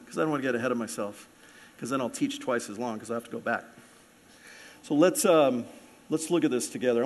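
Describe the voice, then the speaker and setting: A man preaching a Sunday sermon, lively and animated, acting out the voices of people in the story. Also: medium pitch. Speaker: pastor.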